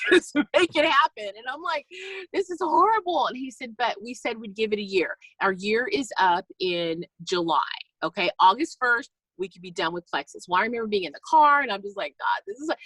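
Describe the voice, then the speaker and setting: A woman's voice: a little high, no room sound, rough recording. Chatty woman telling a story, dry sound. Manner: chatty, animated, acts out voices in anecdotes. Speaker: guest speaker on a team call. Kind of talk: personal testimony, casual storytelling. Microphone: call recording.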